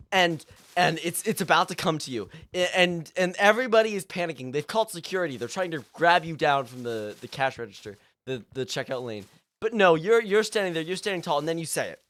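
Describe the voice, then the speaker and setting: A male live streamer rambling through an improvised silly story for his chat, stammering and restarting, with bursts of loud shouting. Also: fairly high pitch, no echo. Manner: goofy, stammering with many restarts.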